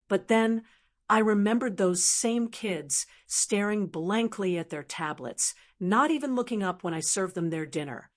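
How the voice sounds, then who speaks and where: An older woman narrating a first-person story in a calm, measured, quietly firm way. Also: mid-range voice.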